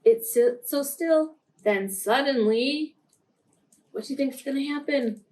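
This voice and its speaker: Slow, gentle woman reading to preschoolers. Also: sits high. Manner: gentle, asks the children questions. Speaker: children's story time reader. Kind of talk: reading picture books aloud to preschoolers.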